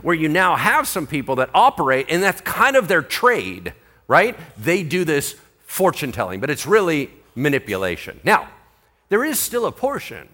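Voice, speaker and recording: Male pastor, sermon delivery, rhetorical questions, pitch swings wildly, slightly high voice. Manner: animated, full of rhetorical questions. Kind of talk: Bible-teaching sermon.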